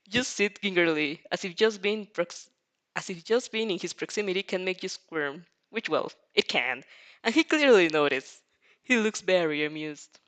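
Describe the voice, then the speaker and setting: A woman's voice: on the low side, expressive, normal speed, fairly bright tone. A young woman reading a fanfic aloud and reacting to it, giggling often and stumbling over words. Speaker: fanfic reader.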